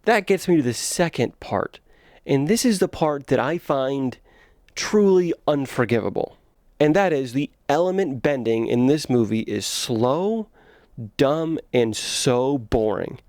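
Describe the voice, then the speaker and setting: A man in his twenties giving sarcastic, animated comedic commentary on bad movies as a video host. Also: medium pitch, a little slow, no room sound, clean studio sound.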